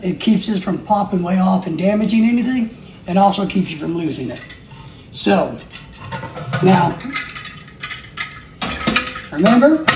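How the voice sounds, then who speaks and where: A man's voice: high voice, noisy background. A middle-aged man hosting a home vlog, joking about himself and thinking aloud as he demonstrates a kitchen gadget. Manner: joking, self-mocking, thinks aloud while working. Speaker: vlog host. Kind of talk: casual how-to demo. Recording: echoey kitchen, clattering dishes.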